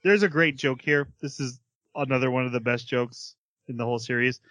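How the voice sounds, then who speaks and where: Bright-voiced man recapping an anime. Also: mid-range voice, brisk, dry recording. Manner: animated retelling, acting out characters' lines, laughs often. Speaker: podcast co-host reviewing anime. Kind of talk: casual chat, recapping an episode.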